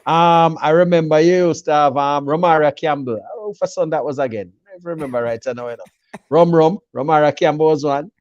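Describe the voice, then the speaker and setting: A man's voice: fairly high pitch, brisk, a little mellow, dry recording, muffled recording. A man with a Jamaican accent in a casual sports chat, confidently breaking down a team selection and mixing patois with English. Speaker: football pundit.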